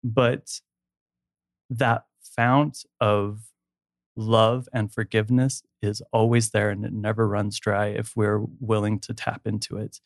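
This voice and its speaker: A man's voice: on the low side, little pitch movement, slow, vocal fry, dry recording, clean studio sound. A man speaking candidly and emotionally as a guest in a personal conversation, laughing easily.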